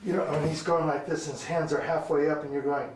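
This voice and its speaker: A martial arts instructor talks through a demonstration in a fairly high voice, bursting out with sharp sound effects to mark each strike. He is picked up from a distance, and the roomy space gives his voice a clear echo. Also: fast, slight background noise. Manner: animated, punctuates with sound effects like "boom" and "bang". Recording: echoey room, mic far off.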